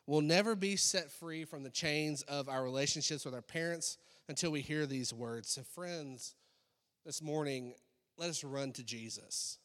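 Pastor guy preaching, kinda high voice, lots of ums, big echoey church hall. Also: a little slow, a bit bright. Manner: conversational preaching with many fillers. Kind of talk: sermon. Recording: long echoey hall reverb.

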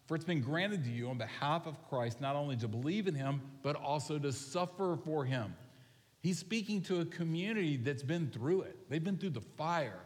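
A man preaching a sermon to his congregation in a relaxed, animated way, often asking the people questions. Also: on the high side, normal speed. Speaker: pastor. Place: large church sanctuary. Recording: long reverb of a large hall.

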